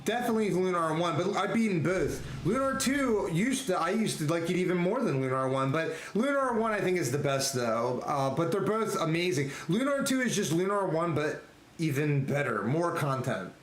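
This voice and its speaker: Male game streamer, casual live chat, excitable, rambling, roomy echo. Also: fairly high pitch, moderate pace, a little hiss or hum. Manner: excitable, rambling, laughs often. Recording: echoey room with faint ambience.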